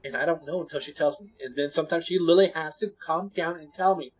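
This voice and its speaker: A man streaming, chatting with his viewers in a blunt, candid, rambling way that often drops suddenly to a quiet mumble. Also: a little high, quick pace, husky. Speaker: gaming streamer. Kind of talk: casual chat to stream viewers.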